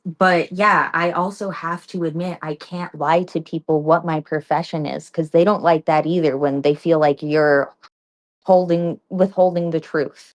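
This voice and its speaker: A woman's voice: deep voice, steady tone. A woman guest on a stream, chatting frankly and casually, with fillers and restarts. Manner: frank, laid-back, halting with fillers. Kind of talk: casual chat.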